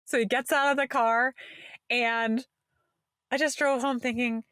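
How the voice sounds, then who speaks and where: This woman's voice sits on the high side, clear and resonant, and she takes her time. She's co-hosting a podcast, telling a story in casual chat and animatedly acting out the voices of the people in it. The studio-quality recording has no room sound.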